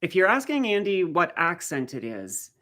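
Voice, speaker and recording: A woman's voice: lowish voice, huge pitch swings, normal speed, fairly bright tone. A middle-aged woman from the Canadian Maritimes with a faint Maritime accent, chatting casually on a live stream and answering viewer comments as she goes.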